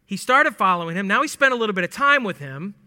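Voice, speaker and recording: A man's voice: high-pitched, very animated, fast talker, bright, forceful tone. A man teaching through a Bible passage in a casual, joking way, acting out lines with laughs. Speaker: preacher teaching scripture. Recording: long hall reverb.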